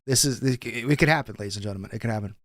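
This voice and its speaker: A man co-hosting a casual podcast, chatting in an animated way and laughing often. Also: fairly low pitch, racing, dry recording. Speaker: podcast co-host. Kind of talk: casual chat.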